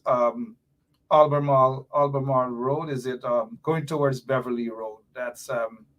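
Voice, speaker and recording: A man hosting a live-stream political commentary show, animated and repetitive, teasing his viewers. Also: mid-range voice. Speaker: show host.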